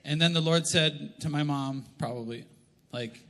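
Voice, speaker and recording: A middle-aged man with a Canadian accent preaches in a big church hall, his bright, slightly raised voice ringing with reverb. He tells jokes and acts out the voices of family members as he goes. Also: fairly high pitch, moderate pace. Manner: animated, jokey, acts out quotes. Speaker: pastor. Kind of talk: humorous sermon storytelling.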